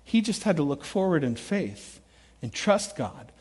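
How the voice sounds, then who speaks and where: High-voiced animated male preacher. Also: a little slow, slightly rough. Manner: animated storytelling, shifts between loud acted quotes and quiet earnest asides. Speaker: pastor. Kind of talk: sermon. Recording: long reverb of a large hall.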